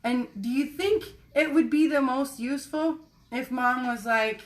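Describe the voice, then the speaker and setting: A woman's voice: high-pitched, measured pace. A woman talking candidly to camera in a rambling, self-reflective personal monologue, swearing casually. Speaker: personal vlogger.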